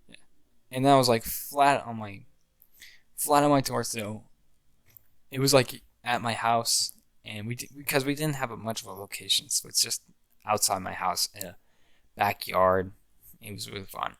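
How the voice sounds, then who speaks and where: A man's voice: medium pitch, steady tone, moderate pace, gravelly, long pauses, a bit bright, no room sound. A young man telling the story of an amateur fan film he made, in a rambling way with frequent restarts. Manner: rambling, restarts often, acts out his own film lines. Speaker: amateur filmmaker. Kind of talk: casual storytelling.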